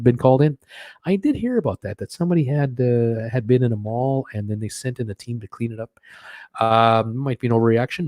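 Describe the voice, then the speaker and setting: Male host, mellow dark tone, chatty and filler-heavy, chuckles at his own jokes, casual livestream trivia. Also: medium pitch. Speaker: host of a live cruise news and trivia stream. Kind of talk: casual live-stream chat reading viewer comments.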